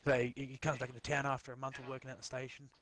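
A man's voice: mid-range voice, completely flat delivery, rapid-fire, crowd noise. A man telling a crude joke over voice chat while gaming, rambling and swearing freely.

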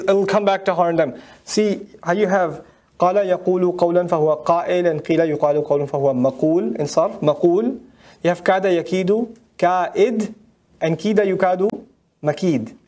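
A man teaching a Quran commentary lecture, firing mocking rhetorical questions and reciting Arabic verses rapidly. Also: high-pitched, darkish tone. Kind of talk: tafsir lecture.

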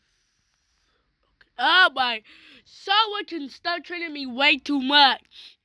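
A woman giving playful game commentary, talking in a dramatic, whiny way with fake crying. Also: high-pitched. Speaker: gaming channel host. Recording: loud background noise.

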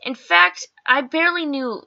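A woman's voice: high voice, measured pace, gravelly, sharp tone, highs cut off. A woman vlogger telling a story in casual, chatty talk, full of "like" and "okay" and some swearing.

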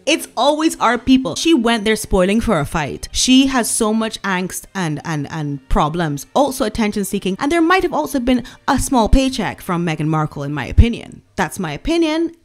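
A woman's voice: medium pitch, sing-song, normal speed, hardly any pauses, soft background music. A woman from Barbados with a Barbadian accent, ranting in an emphatic, sarcastic, scornful way as a commentary vlogger. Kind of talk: opinion rant.

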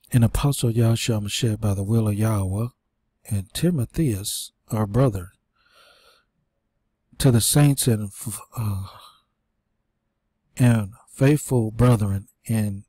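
Husky low-voiced preacher. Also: male voice, dark tone, dry recording. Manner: reads scripture aloud with fillers and restarts, preaching asides. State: short of breath. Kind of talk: informal scripture teaching.

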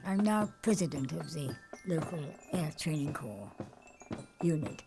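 A woman's voice: deep voice, sing-song, measured pace, vocal fry, music in the background. An older woman, president of a cadet unit, speaking expressively in a documentary interview.

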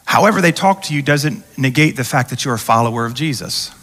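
A man's voice: mid-range voice, lively intonation, fast, a bit bright, slightly rough. A man preaching a sermon as pastor, talking conversationally and acting out the voices he quotes. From United States. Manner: conversational preaching, acts out quoted voices, repeats words when restarting. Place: large church auditorium. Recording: church hall reverb.

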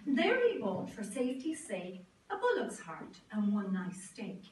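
A woman's voice: medium pitch, a little slow. A woman reciting comic verse in a theatrical manner in a drawing room. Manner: theatrical, lively. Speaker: storyteller. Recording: echoey room from far off.

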